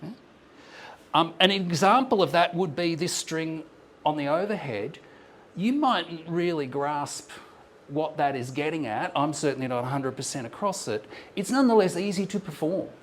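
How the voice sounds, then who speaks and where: His voice is on the high side and animated, moving at a normal pace as he gives an academic conference presentation in a lecture room with on-screen slides. He explains things thoughtfully but stumbles into ums and restarts often, and a little hiss or hum runs underneath.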